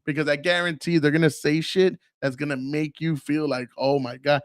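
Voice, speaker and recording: Male podcast host, pitched a bit high, crude and blunt, mimics others in his stories; dry, close sound. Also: flat delivery, normal speed, no echo. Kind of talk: casual monologue.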